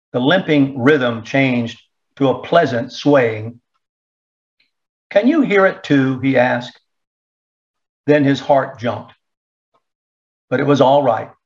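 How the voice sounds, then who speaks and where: A man narrating an audiobook in a measured, even storytelling manner. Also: mid-range voice, highs cut off. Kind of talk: audiobook reading.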